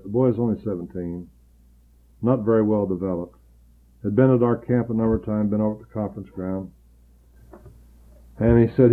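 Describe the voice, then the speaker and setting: A man preaching a sermon, earnestly building emphasis and then dropping low and quiet to tell a personal story. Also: steady tone, normal speed, long pauses, phone-quality sound.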